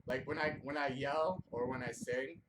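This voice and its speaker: A man's voice: medium pitch, steady tone, normal speed, noisy background. Breathless young man swearing casually. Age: 20s. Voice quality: short of breath from smoking. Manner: laid-back, swears a lot, says dude. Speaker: stream host. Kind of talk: casual chat.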